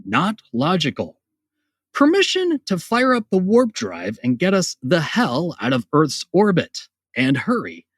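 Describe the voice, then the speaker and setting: A man's voice: fairly high pitch, wildly swooping pitch, measured pace, no echo, studio quality, full character voice. A man voicing a disgusted male alien starship officer who reports in a clipped, military way.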